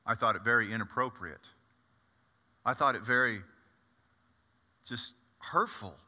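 A man's voice: medium pitch, unhurried, sharp tone. A man performing a first-person monologue as the apostle Peter, a blunt and impetuous fisherman, with chatty, confiding asides to the audience. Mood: storytelling. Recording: echoey hall.

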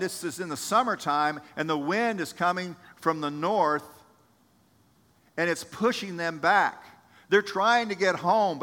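A male pastor preaching a sermon, telling stories with animated emphasis and speaking to members of his congregation by name. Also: high voice, long reverb tail.

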